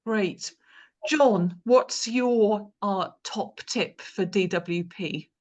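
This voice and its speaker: A woman chairing a panel discussion, speaking in a hesitant, halting way as she hands questions to the speakers. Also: mid-range voice, a little mellow.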